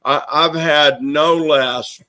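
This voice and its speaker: Folksy Southern minister hosting. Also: male voice, a little high, fairly even intonation, slow pace, bright, forceful tone. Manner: folksy, joking, announcing. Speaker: minister and host. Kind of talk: casual chat.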